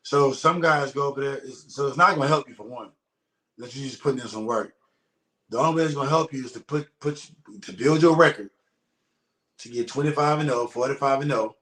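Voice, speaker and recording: A man's voice: mid-range voice, brisk, fairly bright tone. A man, a retired professional boxer, talking bluntly and casually as an interview guest, with frequent swearing. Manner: blunt, profane, emphatic. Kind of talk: casual conversation. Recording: echoey room.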